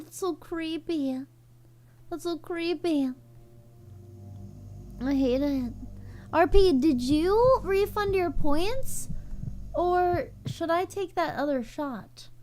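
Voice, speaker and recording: A young woman hosts a casual live stream, speaking in a high, bright-pitched voice. She drawls her words at an unhurried pace. Her reactions are loud and expressive, peppered with curses. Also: a little hiss or hum. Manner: loud, expressive, swears freely. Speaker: VTuber streamer.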